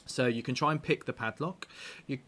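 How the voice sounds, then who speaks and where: A man's voice: mid-range voice, brisk, crowd noise. A man running a tabletop game as game master, reading room descriptions and chatting casually, self-mocking and swearing lightly.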